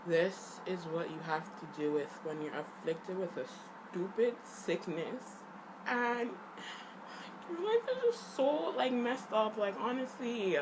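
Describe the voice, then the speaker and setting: A young adult woman venting to her viewers in a casual, upset rant, filling every pause with "like". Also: medium pitch, animated, background noise. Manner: upset ranting, heavy use of "like". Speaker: vlogger.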